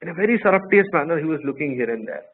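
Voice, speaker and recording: A man's voice: on the high side, animated, rapid-fire. Man teaching over a tinny line. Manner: playful, storytelling, quizzes students. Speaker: law entrance teacher. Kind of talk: live online class lecture. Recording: tinny phone-like line, faint noise.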